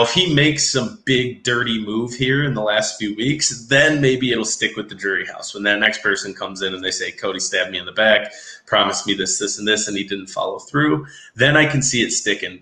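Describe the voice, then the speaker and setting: A man's voice: on the low side, moderate pace. A man co-hosting a podcast, chatting casually and opinionatedly about a reality show and mocking quotes in a put-on voice. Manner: animated, opinionated, mocks quotes. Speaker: podcast co-host. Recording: echoey room.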